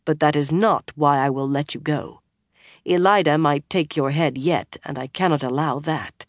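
A narrator voicing a tired, tense young swordsman who speaks softly and without emotion. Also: on the high side, normal speed, no echo, studio quality, lightly acted. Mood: quiet, flat. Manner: quiet, flat and emotionless.

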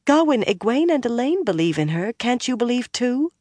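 A woman's voice: sits low, moderate pace, darkish tone, dry recording, natural voice. Narrator doing a pleading anxious young woman. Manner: urgent, pleading.

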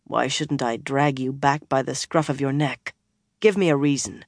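Narrator doing a weary, quiet swordsman. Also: mid-range voice, normal speed, no room sound, clean studio sound, natural voice. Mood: quiet, flat. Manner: quiet, flat and emotionless. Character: tired, tense young swordsman, soft-spoken.

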